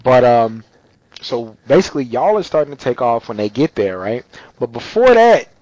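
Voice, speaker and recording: A man's voice: medium pitch, normal speed, dry recording, lo-fi sound. A man telling a story in casual chat, acting out the people in it. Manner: animated storyteller, acts out voices.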